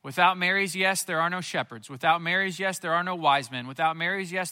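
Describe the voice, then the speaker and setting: A man's voice: fairly high pitch, pushed and bright. A man preaching a Christmas Eve sermon, earnest and repeating phrases for emphasis. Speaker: pastor.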